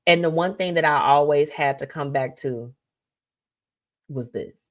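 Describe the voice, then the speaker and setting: A woman's voice: sits low, unhurried. A woman hosting her weekly live talk show, chatty and effusive as she gives heartfelt thanks to her guests and viewers. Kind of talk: casual livestream talk show sign-off.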